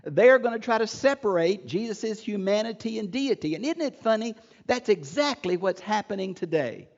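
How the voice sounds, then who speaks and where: An older man teaching a Bible lecture in an earnest, emphatic way, his voice gravelly and pitched a little high. The recording sounds dull and lo-fi. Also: expressive, normal speed.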